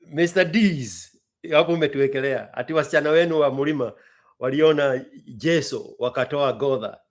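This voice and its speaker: A man's voice: mid-range voice, normal speed. A man, hosting and chatting animatedly, reading lyrics aloud and dropping in slang. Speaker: host. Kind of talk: casual commentary.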